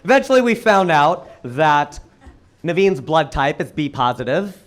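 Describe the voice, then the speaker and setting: Lively high-voiced male comedian. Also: unhurried, slight background noise. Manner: animated punchline delivery, acts out quoted voices. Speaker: stand-up comedian. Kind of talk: stand-up comedy set. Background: audience laughter.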